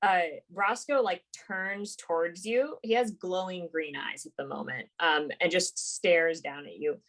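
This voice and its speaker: A woman narrating as game master of a tabletop game, relaxed and halting with frequent fillers. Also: fairly low pitch. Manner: relaxed, hesitant narration with many ums and likes.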